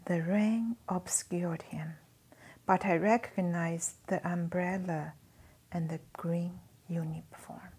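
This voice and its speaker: Slow, hushed woman. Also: on the low side, fairly even intonation, husky. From China. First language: Chinese. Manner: hushed, near-whispered reading. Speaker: author reading her memoir. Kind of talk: memoir read-aloud.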